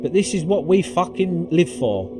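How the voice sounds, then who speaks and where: A gaming video creator with a high-pitched voice recaps a video game climb at a normal pace, over background music. His casual commentary is excitable and profane, packed with swearing and fillers.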